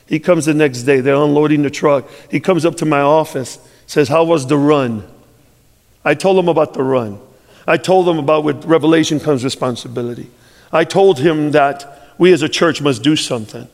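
A man's voice: on the high side, moderate pace, big-room sound. Fervent storytelling preacher man. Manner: animated storytelling, acts out dialogue, rising to fervent preaching. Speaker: pastor. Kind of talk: storytelling sermon.

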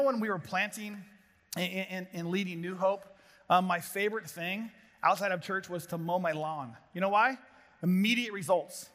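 A middle-aged man preaching a sermon to a gathering of pastors, telling animated stories with jokes. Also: sits high. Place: large hall before an audience of pastors. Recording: long hall reverb.

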